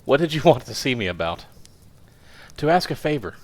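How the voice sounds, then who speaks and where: A man's voice: mid-range voice, sing-song, moderate pace, pitched above the performer's own voice. A man reading aloud voices an eager young male reporter who speaks earnestly and politely.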